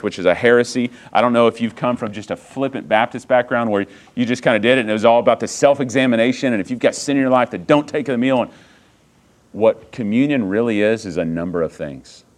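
A man preaching a sermon, swinging from hushed, slow passages to loud, emphatic ones and asking the congregation rhetorical questions. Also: medium pitch. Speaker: pastor.

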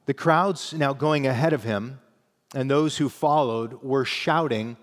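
A man's voice: medium pitch, normal speed, long reverb tail. A man preaching a sermon as pastor, teaching in a conversational way and reading scripture aloud with emphasis.

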